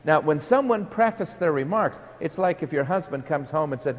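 A man preaching a sermon verse by verse, emphatic, acting out imagined objectors and swinging between loud and quiet. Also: fairly high pitch, animated, fairly quick, hardly any pauses, big-room sound, muffled recording. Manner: emphatic, acts out imagined speakers, rises and drops in volume.

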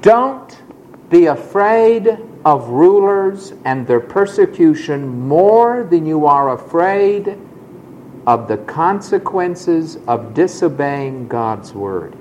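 Male preacher, storytelling sermon, animated swings in pitch, emphatic delivery. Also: takes it slowly, muffled recording, slight background noise. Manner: emphatic, dramatic retelling with acted quotes.

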